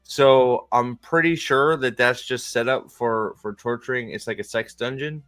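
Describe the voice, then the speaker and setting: A man's voice: medium pitch, unhurried, a bit bright, clear, resonant tone. A man hosting a podcast in a rambling, mocking, comedic rant. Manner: rambling, mocking, with frequent restarts. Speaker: podcast host.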